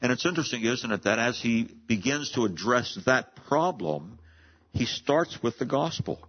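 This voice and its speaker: A man's voice: medium pitch, animated, moderate pace, highs cut off. A man preaching a sermon as pastor, explaining scripture earnestly and reading verses aloud with rising emphasis.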